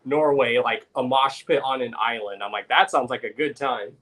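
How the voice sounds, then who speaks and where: A man chatting casually and telling relaxed stories in an easygoing manner. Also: medium pitch, normal speed. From living in Florida. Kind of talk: casual chat.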